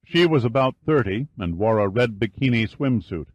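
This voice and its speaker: A man narrating an audiobook in a measured, steady reading style. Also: mid-range voice, no echo, muffled recording. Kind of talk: scripted narration.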